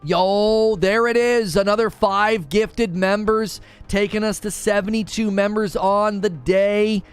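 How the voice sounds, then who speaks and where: Male streamer, high lively voice, jokey and loud, faint music under. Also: unhurried, clean tone. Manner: animated, jokey, often yelling. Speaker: live stream host. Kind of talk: casual live stream chat.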